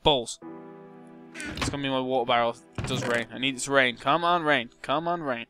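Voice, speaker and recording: A man's voice: medium pitch, steady tone, fairly quick, bright, forceful tone. A young man talking through a game he is playing, chatty and self-mocking, humming and muttering to himself as he goes. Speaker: gaming YouTuber. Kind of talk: casual gameplay commentary. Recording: music playing behind.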